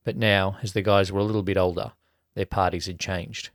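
Deep flat-voiced man narrating. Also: a little fast, no echo, studio quality. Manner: even storytelling, colloquial mates' banter. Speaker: podcast narrator. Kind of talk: reading an erotic story aloud.

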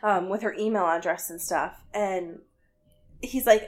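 A woman's voice: mid-range voice, measured pace. A young woman co-hosting a podcast, recapping a book in a casual, sarcastic way with lots of "um" and "like" and some swearing. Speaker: podcast co-host.

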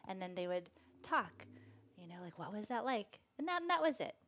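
A middle-aged woman talks as an interview guest about mindfulness practice. Her voice sits at a middle pitch, and her delivery is calm and reflective. When she acts out examples she turns gently animated. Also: moderate pace, slight background noise. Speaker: meditation teacher, guest. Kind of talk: conversational interview.

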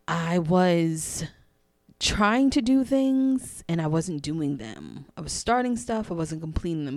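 A woman hosting a podcast, telling a personal story in a candid, chatty way and acting out the dialogue, sometimes in a hushed voice. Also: sits low, gravelly, no echo, studio quality. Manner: expressive, acts out dialogue in a hushed voice. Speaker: podcast host.

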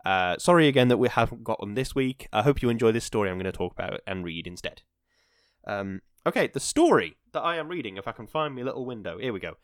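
A young man talks into a dry, close podcast mic in a rambling, self-deprecating way, with sudden bursts of excitement. His voice sits at an ordinary middle pitch. He then settles into reading a story aloud. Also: no room sound. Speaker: podcast host.

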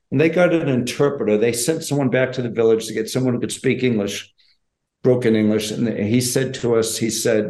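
An older man, a former special forces operator, telling a story in an interview in a measured, earnest, plainspoken way. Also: medium pitch, a little mellow. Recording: roomy echo.

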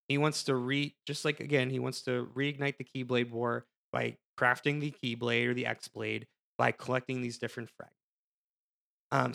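A man's voice: medium pitch, vocal fry, a bit bright. A man hosting a casual chat, recapping a story in a rambling, sarcastic way with goofy asides. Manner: rambling, sarcastic, acts out characters in goofy voices. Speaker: podcast host recapping a game plot.

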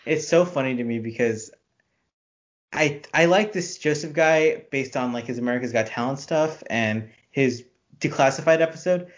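A man's voice: medium pitch, normal speed. A man co-hosting a casual recap chat, talkative and laughing often. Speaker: podcast co-host. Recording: dull lo-fi sound.

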